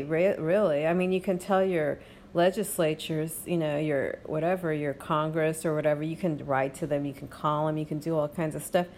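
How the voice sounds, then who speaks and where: Rambling woman with a lowish voice. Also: dark tone, a little hiss or hum. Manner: rambling, frequent fillers, reassuring asides with "okay?". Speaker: podcast host. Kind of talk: casual monologue. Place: home.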